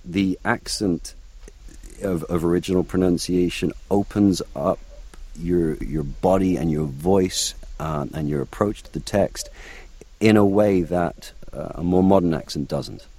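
A man's voice: deep voice, expressive, unhurried, vocal fry, darkish tone. A man from North Wales, an actor, answering interview questions in a reflective manner, often restarting his phrases.

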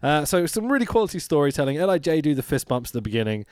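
A man co-hosting a wrestling podcast, recapping a match in casual chat, excitable and quick to laugh and swear. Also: fairly high pitch, clean tone, no room sound. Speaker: podcast co-host.

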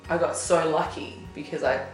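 A woman's voice: deep voice, fairly even intonation, normal speed. A young woman telling her personal story in a candid, chatty way, full of "like". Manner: chatty, heavy on filler "like". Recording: roomy echo with music bed. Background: soft instrumental music.

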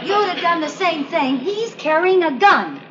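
A woman playing an excitable, panicky redheaded housewife in a 1950s sitcom, theatrical in her manner. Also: very high voice, a faint crowd, slight background noise, exaggerated voice. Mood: insistent. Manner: theatrical, rapid shifts into alarm. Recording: dull old TV soundtrack with audience laughter.

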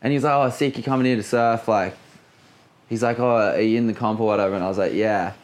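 A man's voice: lowish voice, fairly even intonation, fast. Laid-back Australian man telling a story. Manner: laid-back, swears often, heavy use of filler "like". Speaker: guest surfer. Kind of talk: casual storytelling in an interview.

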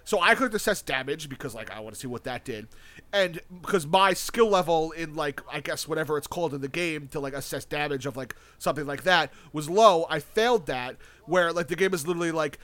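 A man's voice: fairly high pitch, expressive, brisk, a bit bright, dry recording. A young man in casual chat, rambling enthusiastically with lots of fillers, restarts and casual swearing. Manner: enthusiastic about a video game.

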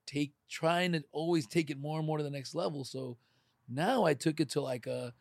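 A middle-aged man in casual podcast chat, animated and acting out quoted voices. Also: fairly high pitch, normal speed, dry recording.

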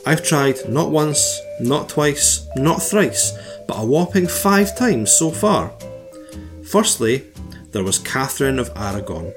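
A man's voice: mid-range voice, big pitch swings, slow pace. A boastful sixteenth-century English king, as read by a man, scornful of women and full of himself. He reads a comic letter in a grand, self-important way over a faint bed of music. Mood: pompous. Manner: grandly reading a letter in character. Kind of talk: comedic letter reading.

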